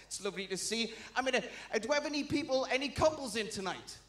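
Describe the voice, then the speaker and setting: A man's voice: very high-pitched, lively intonation, quick pace, fairly bright tone, echoey room. A man with a Geordie accent doing a stand-up comedy set, chatty and self-deprecating, bantering with the crowd. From Newcastle, England. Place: live comedy venue.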